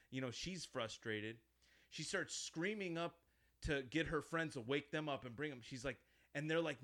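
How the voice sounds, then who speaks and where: Animated man retelling a film. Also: on the high side, normal speed. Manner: animated storyteller, acts out quotes, swears often. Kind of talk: casual chat, retelling a horror film.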